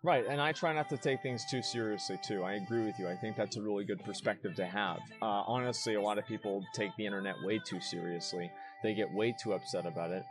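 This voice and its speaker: A man's voice: on the low side, quick pace, hardly any pauses, music in the background. A man streaming, arguing his side in a heated casual debate and pressing his points with repeated words.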